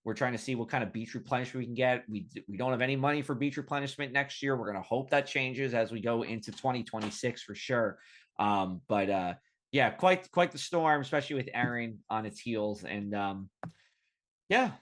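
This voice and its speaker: A man's voice: medium pitch, fairly quick, fairly bright tone. A man hosting a weather podcast, talking casually and rambling with lots of fillers. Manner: chatty, rambling, filler-heavy. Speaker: podcast host.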